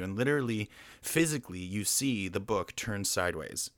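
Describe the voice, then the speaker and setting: A man's voice: on the low side, normal speed, fairly bright tone, no room sound. A man casually recapping a cartoon film, rambling along with many fillers and restarts. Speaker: film reviewer.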